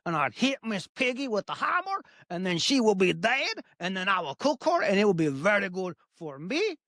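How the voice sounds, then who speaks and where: Brief: grumpy greedy chef guy, deadpan and childlike, pitch leaping all over, dry close sound, a woman putting him on. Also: normal speed, no room sound. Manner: deadpan, broken grammar, wild pitch swings. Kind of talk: improvised comedy bit.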